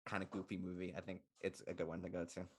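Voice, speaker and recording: Young male podcast co-host, low voice, rapid rambling delivery. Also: little pitch movement, darkish tone, breathy edge. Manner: rambling, heavy use of "like" fillers. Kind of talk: casual film chat.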